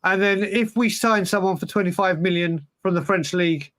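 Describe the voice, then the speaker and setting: Male podcast co-host, high pitch, emphatic and rambling. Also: moderate pace, fairly bright tone. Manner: rambling, restarts, emphatic opinions. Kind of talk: casual football chat.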